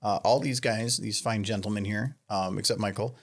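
A man's voice: on the low side, fairly even intonation, normal speed. Casual rambling male podcast host. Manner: rambling, laughing, many fillers. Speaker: podcast host running trivia. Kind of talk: casual group chat.

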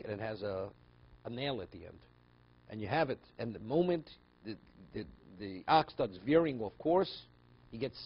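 Captured in a dull lo-fi class recording, a rabbi with a mid-range, breathy-edged voice leads a text study. He works through passages phrase by phrase and tells stories conversationally, often restarting.

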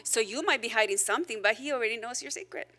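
A woman pastor preaching a sermon in an animated, conversational way, with joking asides to the congregation. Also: fairly high pitch, quick pace, soft background music.

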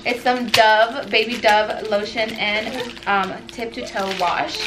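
A woman's voice: a little high, fairly even intonation, slow, background noise. A pregnant young woman hosting a casual vlog at home, gushing and emotional as she opens gifts. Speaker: vlog host. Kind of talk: casual gift-opening vlog. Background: background music.

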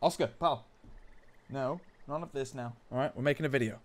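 A young man chatting excitedly through gameplay, joking and laughing at his own lines. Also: medium pitch, fairly quick, slight background noise. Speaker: gaming YouTuber. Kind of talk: casual gameplay commentary.

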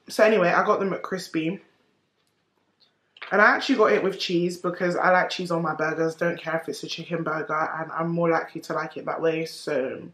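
A woman, chatting candidly to camera in a casual home vlog. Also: fairly low pitch. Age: 20s. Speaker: vlogger. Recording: roomy echo, faint noise.

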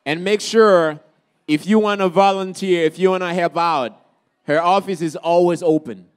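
A man from Haiti hosts a campus celebration, his voice pitched high and smooth. He keeps the energy up, calling out to the crowd and firing off questions. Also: normal speed. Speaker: event emcee. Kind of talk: lively event hosting. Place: college campus event.

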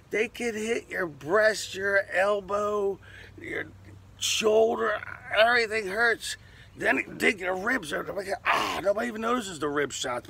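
Gravelly older man telling a story. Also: high voice, a bit bright. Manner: profane, punchy, acts out sound effects. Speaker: interviewee. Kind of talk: animated storytelling.

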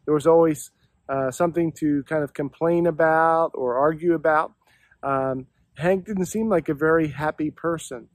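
Male pastor, earnest and reflective devotional teacher, slightly high voice. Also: moderate pace, dry recording. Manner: earnest, reflective, posing questions to listeners.

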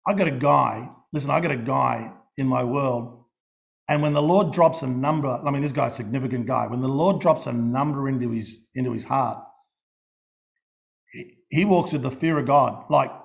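A middle-aged Australian man preaching a sermon, telling stories in an animated way and often restarting and repeating his words. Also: mid-range voice, normal speed, creaky. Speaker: pastor. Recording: dull lo-fi recording.

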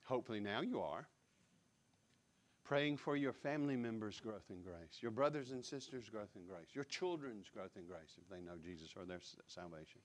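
A man's voice: fairly low pitch, lively intonation, normal speed. A man preaching a sermon as pastor, emphatic, repeating key words and putting direct questions to the congregation. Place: church sanctuary.

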